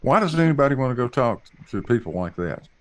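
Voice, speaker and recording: A man's voice: mid-range voice, very animated, quick pace. A man in a casual online group chat, blunt and heated, swearing freely.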